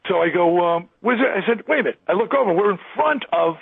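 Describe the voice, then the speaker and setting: A man in his sixties from Long Island, New York, tells a lively anecdote as an interview guest, acting out the other characters and laughing as he goes. His voice is gravelly and husky and sits fairly high for a man. The sound is dry and thin, as if over a phone line. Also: brisk, dry recording. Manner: animated storyteller who acts out other people's lines and laughs often. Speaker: guest, rock musician. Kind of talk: storytelling interview.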